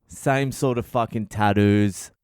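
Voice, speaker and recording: A man hosting his own comedy podcast, telling a story in a blunt, animated monologue full of swearing. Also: fairly low pitch, takes it slowly, clear, resonant tone, dry recording, clean studio sound.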